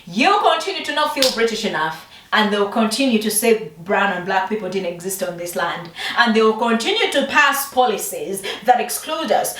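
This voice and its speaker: A woman's voice: mid-range voice, a bit bright. A woman from Uganda, now living in Britain, giving a passionate, emphatic opinion monologue, swearing often and asking rhetorical questions. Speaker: vlogger. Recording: echoey room, distant mic.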